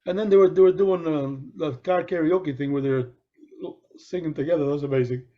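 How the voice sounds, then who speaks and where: A man's voice: on the high side, fairly quick. A middle-aged man and podcast co-host telling a long anecdote in casual chat, acting out the voices of the people in it. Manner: animated storyteller acting out quoted voices, with frequent restarts. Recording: dull lo-fi podcast recording.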